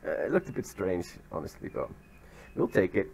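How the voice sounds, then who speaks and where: A young man casually commentating his football management game, chatty and self-deprecating, with sudden excited yelps, recorded outdoors among turkeys. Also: deep voice, moderate pace, vocal fry, slight background noise.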